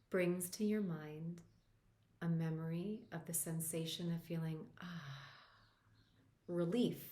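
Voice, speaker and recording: A woman coach leading a guided tapping lesson, talking the listener through each step in a calm, reassuring way. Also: on the low side. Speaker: EFT practitioner and coach. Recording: roomy echo.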